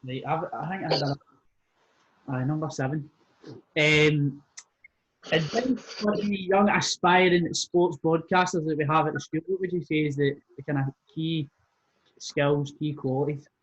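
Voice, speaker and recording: Teacher hosting, slightly high voice, dull lo-fi sound with faint hiss. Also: male voice, fairly even intonation, unhurried. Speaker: PE teacher, podcast host. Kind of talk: interview questions.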